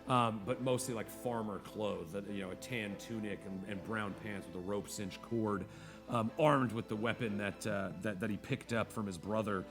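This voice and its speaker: A man narrating a tabletop game as game master in a casual, rambling way full of fillers. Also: lowish voice.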